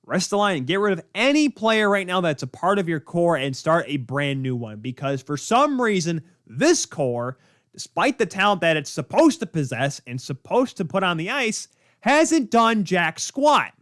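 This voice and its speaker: A young man hosting a live sports talk show, ranting in an exasperated, rapid-fire way. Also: sits high, sing-song, fairly bright tone, dry recording, studio quality. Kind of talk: live sports opinion rant.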